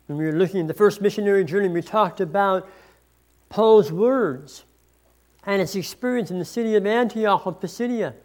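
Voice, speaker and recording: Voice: mid-range voice, moderate pace, a little mellow. A pastor preaching a sermon, reading scripture passages aloud with emphasis and explaining them.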